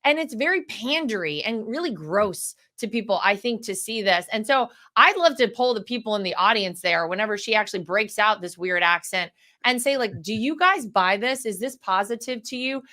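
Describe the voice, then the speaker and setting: A woman's voice: medium pitch, expressive, moderate pace, bright, forceful tone. A woman from North Carolina speaking as a guest in a political interview, confident and emphatic.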